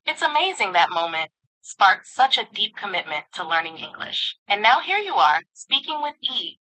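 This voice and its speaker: A woman's voice: mid-range voice, very animated, normal speed, pushed and bright, poor audio. A synthetic woman's voice of an AI assistant, speaking in a polished, upbeat and affirming way. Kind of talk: synthetic conversational assistant speech.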